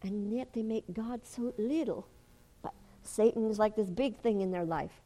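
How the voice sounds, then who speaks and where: Older woman preacher, fervent sermon delivery that builds to shouting. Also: mid-range voice, moderate pace. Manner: fervent, rises to shouting when retelling. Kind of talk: sermon testimony.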